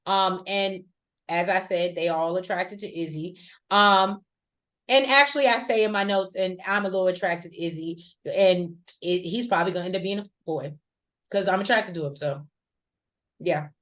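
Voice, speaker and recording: A woman co-hosting a casual recap chat, talking in a chatty, slangy way with lively asides. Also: on the low side, normal speed. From rural American South. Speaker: podcast co-host.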